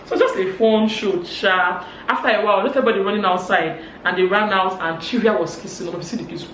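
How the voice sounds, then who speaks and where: A woman with a Nigerian accent giving a casual gossip recap, animated and acting out quotes. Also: brisk, hardly any pauses. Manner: animated, acts out quotes in higher voices. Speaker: vlogger. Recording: roomy, distant mic, faint hum.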